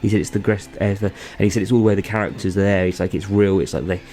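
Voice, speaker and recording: A man's voice: low voice, fairly even intonation, fast talker, dark tone, soft background music. A man, co-hosting a podcast and rambling through a story with lots of fillers. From England. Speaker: podcast co-host. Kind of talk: casual chat.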